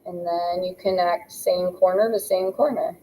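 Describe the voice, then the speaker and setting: A woman's voice: on the low side, steady tone, moderate pace, dark tone, a little hiss or hum, poor audio. Young adult female math teacher, patient, step-by-step classroom explainer. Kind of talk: classroom lesson narration.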